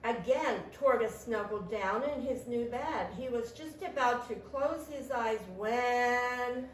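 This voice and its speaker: A woman's voice: on the high side, slight background noise. A woman reading a children's picture book aloud with sound effects, in an echoey room. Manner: slow, animated read-aloud with sound effects. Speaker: storytime reader. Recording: echoey room, mic at a distance.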